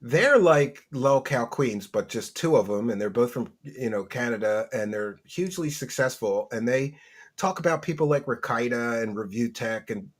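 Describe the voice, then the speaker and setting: A man's voice: mid-range voice, expressive, normal speed. A man hosting a casual livestream chat, reading viewer messages aloud and laughing often. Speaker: host.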